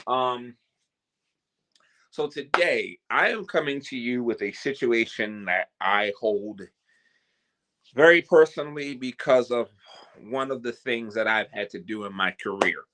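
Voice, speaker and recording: A man's voice: medium pitch, a little slow, sharp tone. A man hosting his own vlog, rambling and joking with theatrical announcer-style openings. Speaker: host. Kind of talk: casual vlog chat.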